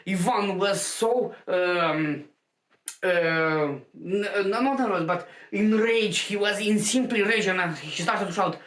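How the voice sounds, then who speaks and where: Woman, slow, hesitant storytelling, echoey room. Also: mid-range voice. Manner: halting, many fillers and restarts. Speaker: stand-up comedian. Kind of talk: casual anecdotal storytelling. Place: home room. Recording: roomy home recording.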